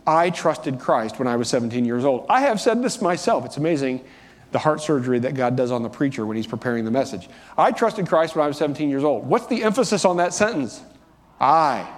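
A man pastor preaching a sermon in a church, talking conversationally and lifting his voice for emphasis. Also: medium pitch. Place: church sanctuary. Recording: long reverb of a church hall.

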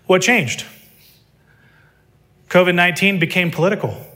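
A man's voice: high-pitched, normal speed, sharp tone. A man preaching a sermon, emphatic and full of rhetorical questions.

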